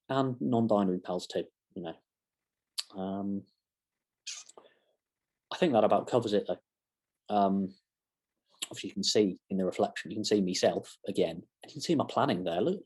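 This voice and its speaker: A man's voice: lowish voice, normal speed, pauses often, darkish tone, husky. A young man giving a casual football match reaction to camera, rambling with self-mocking asides. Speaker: fan channel presenter.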